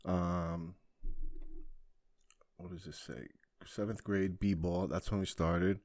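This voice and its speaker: A man in his forties from New Jersey hosts a podcast, rambling through jokey, profane personal stories in a storytelling monologue. His low, steady voice is slow and darkish, recorded dry with studio quality.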